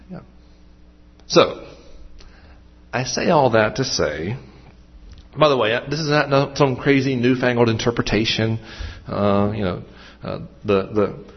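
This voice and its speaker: The sound is muffled and dull as a pastor from Western Maryland preaches in a creaky, husky, mid-range voice. He's self-deprecating and conversational, often breaking off into asides or starting over.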